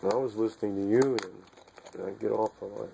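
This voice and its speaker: A man's voice: lowish voice, steady tone, fast, gravelly, mellow, slight background noise, poor audio. A man musing in a rambling way about faith and life, repeating himself and chuckling often. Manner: meandering, repetitive, chuckling often.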